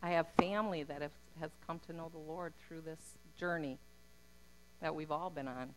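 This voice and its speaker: Woman, middle-aged, low voice, faith testimony, earnest storytelling. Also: normal speed, a little hiss or hum, low-quality recording. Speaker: speaker giving a testimony.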